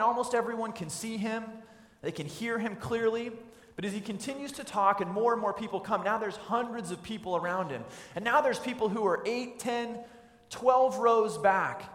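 A man's voice: high voice, a bit bright. A man preaching a sermon as pastor, telling a scene vividly for his listeners. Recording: echoey hall with long reverb.

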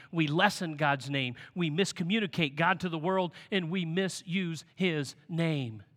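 Bright-voiced male pastor in a reverberant hall. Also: on the high side. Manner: animated storytelling with big swings in loudness. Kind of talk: sermon.

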